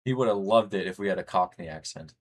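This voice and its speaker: A fast-talking young man from the United States with a low voice hangs out with his livestream chat. He rambles loosely and reads viewers' messages aloud.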